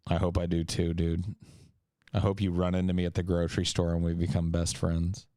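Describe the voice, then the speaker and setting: A man's voice: low-pitched, monotone, brisk, mellow, no echo, studio quality. A man hosting a casual Q&A chat, joking and swearing in an offhand way. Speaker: host.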